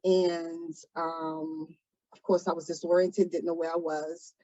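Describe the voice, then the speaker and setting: A woman telling her own story in an interview, soft-spoken and hesitant, pausing often. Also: on the low side, level tone, no room sound, highs cut off. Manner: soft-spoken, hesitant, many pauses and ums. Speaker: trafficking survivor guest. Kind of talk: interview testimony.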